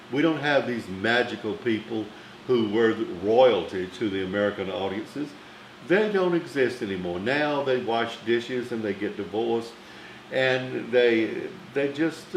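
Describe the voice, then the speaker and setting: A man's voice: mid-range voice, reverberant, slight background noise, poor audio. An older man with a Southern accent, a former newspaper critic telling theatrical anecdotes in a chatty way. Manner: chatty, theatrical, name-dropping raconteur. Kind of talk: anecdotal storytelling.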